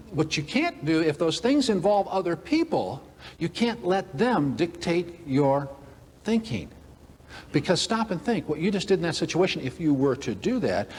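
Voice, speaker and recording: Speaking fairly quickly in a husky, slightly high, sing-song voice, this man gives a humorous motivational talk built on folksy stories. He cracks jokes and plays out characters for the audience, his words echoing with long hall reverb over faint ambience.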